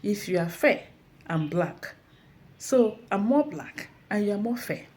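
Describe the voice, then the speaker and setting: A woman's voice: medium pitch, measured pace. A woman with a Nigerian accent gives a motivational talk about faith and callings. She speaks directly to her listeners in an encouraging, earnest way, as if addressing a church or online audience. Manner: animated storytelling, acts out her colleagues loudly. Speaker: inspirational speaker. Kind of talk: motivational talk with personal story.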